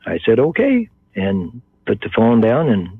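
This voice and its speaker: A man's voice: fairly low pitch, normal speed, creaky, breathy edge, dry recording. An older man with a Texan accent, the guest in an interview, telling a story and acting out the voices of the people in it. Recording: muffled phone-line sound.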